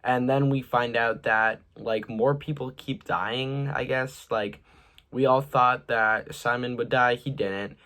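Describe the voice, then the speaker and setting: A man's voice: mid-range voice, fairly even intonation, takes it slowly, a bit bright. A young man giving a casual, rambling movie review, full of fillers, his voice trailing off at the ends of sentences.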